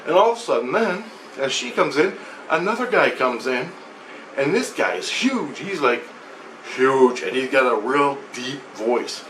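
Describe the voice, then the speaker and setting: In a roomy, echoey recording with faint background noise, a male vlogger describes a spiritual vision. His mid-range, a bit bright voice swings widely in pitch at a measured pace, and he rambles, swears a lot, and keeps restarting and repeating himself.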